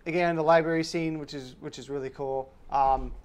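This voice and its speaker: A man talks casually on a review show, his voice smooth and a touch higher than most. He explains at length, circling back with fillers and restarts. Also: fairly even intonation, fairly quick. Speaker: podcast host.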